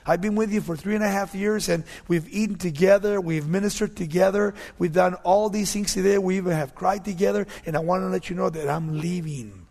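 A tender male teacher bids his followers farewell, speaking softly and earnestly, as a man puts him on. The voice is fairly high and echoes through a hall. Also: fairly quick, vocal fry, few pauses.

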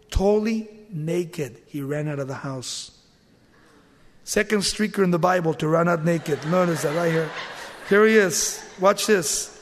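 A man preaching a sermon, dramatically acting out the lines he quotes, with sudden jumps in volume. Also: in a large hall. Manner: dramatic, acts out quoted lines with big swings in pitch and volume.

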